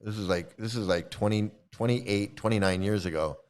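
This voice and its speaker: A former devotee now hosting commentary videos, this middle-aged man speaks on the low side at a moderate pace. He tells a loose, rambling story, chuckles, restarts often and mimics the people he quotes.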